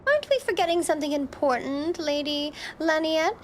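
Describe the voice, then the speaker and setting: A woman's voice: high-pitched, expressive, moderate pace, a little hiss or hum. A woman voicing a boastful young male noble knight, reading game dialogue aloud in a formal, pompous manner. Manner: pompous, formal old-fashioned phrasing. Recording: game music playing underneath.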